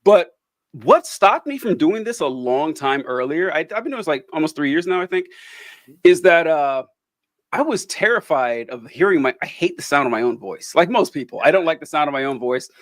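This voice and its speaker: A man's voice: on the high side, animated, normal speed, a bit bright, dry recording, clean studio sound. A man hosting a podcast, chatting casually, laughing often and repeating himself as he talks. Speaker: podcast host. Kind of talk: casual conversation.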